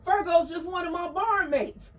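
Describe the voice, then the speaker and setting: A woman plays a flirty male barn cat in a storybook tale. He talks in a smooth, reassuring, high voice. The mic sits a little far off. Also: normal speed, a bit bright.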